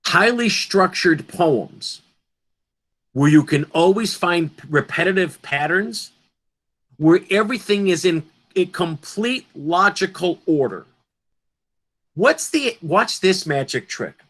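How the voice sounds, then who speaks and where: A man's voice: high voice, expressive, slow, fairly bright tone. A man teaching a poetry lesson to an online class, emphatic and asking his students questions.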